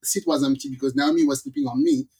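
A woman from the Caribbean hosting a podcast, telling a story in a lively, casual way and acting out the people in it. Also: high-pitched, fast talker, creaky, husky. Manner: animated storyteller, acts out quoted voices. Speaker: podcast host.

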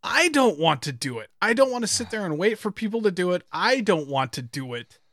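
A man co-hosting a casual podcast, rambling and animated, laughing and swearing as he talks. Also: sits high, fairly quick, no echo, clean studio sound. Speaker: podcast co-host. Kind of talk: casual chat.

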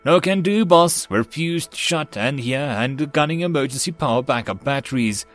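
A man's voice: medium pitch, moderate pace, a bit bright, soft background music, natural voice. A man voicing a stuttering male tank crewman in an audiobook. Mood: stammering, apologetic. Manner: heavy stutter. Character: male crew member Bouncy, stammering.

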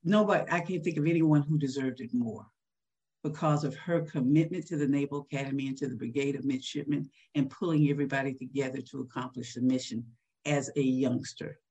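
A woman in her sixties, husky-voiced, recalling a personal story in a candid interview with a soft laugh now and then. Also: very deep voice, brisk. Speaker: guest.

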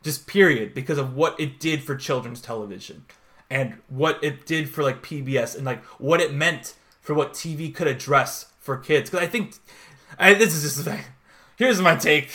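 Young male podcast co-host, chatty and rambling, retells scenes in voices, slightly higher voice. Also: fairly bright tone. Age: 20s. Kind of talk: casual chat.

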